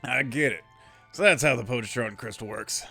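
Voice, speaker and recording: A man doing a gravelly, defiant young brawler. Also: medium pitch, normal speed, bright, forceful tone, faint music behind, exaggerated voice. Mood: thoughtful. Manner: defiant, tough-talking. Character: cocky tough young male brawler, defiant. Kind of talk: reading game dialogue aloud.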